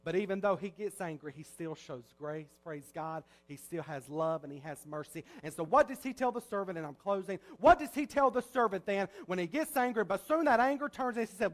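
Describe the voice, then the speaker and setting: A male pastor preaching a sermon, swinging between soft, low passages and loud, rising ones. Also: expressive, a little fast, few pauses.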